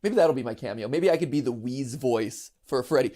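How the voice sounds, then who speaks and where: A man in a casual, joking conversation, bantering in an animated way. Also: mid-range voice, a little fast, few pauses. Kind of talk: casual chat.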